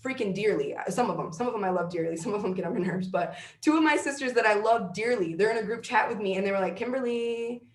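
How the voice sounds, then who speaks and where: Female guest, mid-pitched, emphatic and preachy, repeats lines for weight; echoey room. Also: fast talker, few pauses. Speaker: guest, sales team leader. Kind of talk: motivational interview talk. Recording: roomy echo.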